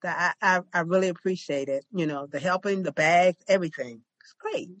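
A woman's voice: fairly low pitch, moderate pace, dry recording. Woman podcaster telling a story, chatty, dry close sound. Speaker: podcast co-host. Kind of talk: casual chat, storytelling.

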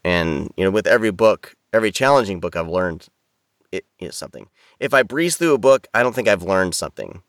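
Rambling low-voiced man on a podcast. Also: lively intonation, brisk, fairly bright tone, no room sound, studio quality. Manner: rambling, many restarts and fillers. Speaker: audiobook narrator, podcast guest. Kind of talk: casual podcast chat. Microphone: video call.

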